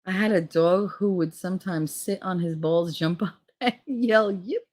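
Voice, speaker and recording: A woman's voice: lowish voice, measured pace, a little mellow. A middle-aged woman streaming a casual chat, rambling through crude stories with lots of swearing.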